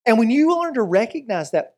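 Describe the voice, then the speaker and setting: Guy pastor preaching casual, jokey and animated, does little bits. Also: very high-pitched, fairly quick. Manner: animated and joking, acts out everyday scenes. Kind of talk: conversational sermon.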